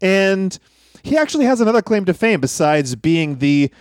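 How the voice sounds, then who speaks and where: A man's voice: high-pitched, very animated, moderate pace, smooth, no echo, clean studio sound. A man co-hosting a casual podcast chat, amused and laughing often. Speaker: podcast co-host.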